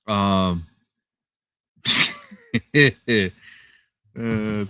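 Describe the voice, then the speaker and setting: Man, livestream host, low voice, dry close sound, relaxed chatty, lots of ums. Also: takes it slowly, pauses often, no echo. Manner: relaxed, chatty, repeats thank-yous, frequent fillers. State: tired, yawning. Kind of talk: casual live chat reading viewer comments. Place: home, rural area.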